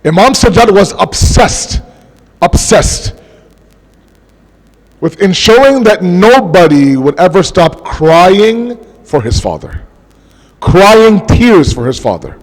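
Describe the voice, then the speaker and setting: A man with a fairly high voice preaches a mourning sermon with passion, drawing out key words to press them home. His voice carries a long reverb from a large mosque hall. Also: very animated. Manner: impassioned, slows down for emphasis. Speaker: majlis speaker.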